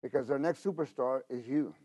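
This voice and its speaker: Husky middle-aged preacher, emphatic. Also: male voice, medium pitch, brisk, dull audio. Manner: emphatic, swings between loud exhortation and hushed asides; talks to the congregation directly, with frequent "you know?" and "okay?". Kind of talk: sermon.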